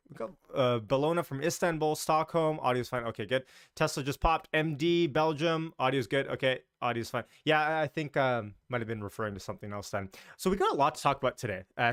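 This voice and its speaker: A man's voice: mid-range voice, fairly bright tone, clean tone, no echo, studio quality. A man hosting a casual live stream about the market, chatty and loose, greeting viewers as he talks. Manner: talks in loose, restarting sentences.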